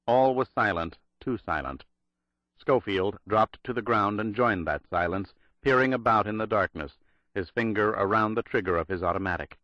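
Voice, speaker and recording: Low-voiced guy reading a spy thriller audiobook, dry muffled sound. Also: moderate pace, pushed and bright, no room sound. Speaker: audiobook narrator. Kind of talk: scripted thriller narration.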